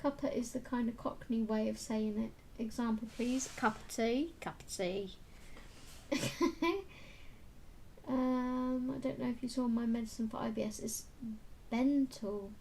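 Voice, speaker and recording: A woman with a slightly high, gravelly voice hosts a relaxed colouring livestream. She talks slowly and unhurriedly, reads out and answers viewer comments, and murmurs softly to herself as she works. A faint rumble sits underneath. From United Kingdom. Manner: drops into soft murmured asides to herself. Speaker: livestream host. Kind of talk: casual livestream chat while colouring.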